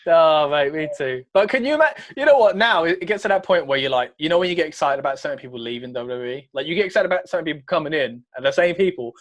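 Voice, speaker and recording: A man's voice: fairly high pitch, animated, quick pace, hardly any pauses, a bit bright. A man co-hosting a casual wrestling reaction chat, rambling and trailing off mid-sentence. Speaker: co-host.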